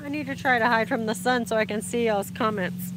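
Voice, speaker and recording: Talking fairly quickly in a voice on the high side, a woman runs a casual outdoor livestream in the sun. She chats with viewers through her phone, reads their comments, and greets them warmly with frequent laughs. The background is noisy.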